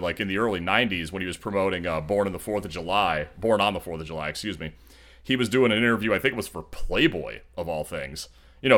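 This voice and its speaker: A man with a deep, low voice hosts a relaxed movie podcast. He rambles along with plenty of "uh"s, restarts and asides, in an easygoing, conversational way. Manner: rambling, with many fillers and restarts. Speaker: podcast co-host. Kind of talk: casual podcast chat.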